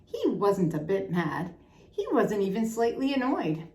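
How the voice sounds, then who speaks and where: An older woman reading a children's storybook aloud with expressive, lilting narration. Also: medium pitch, measured pace.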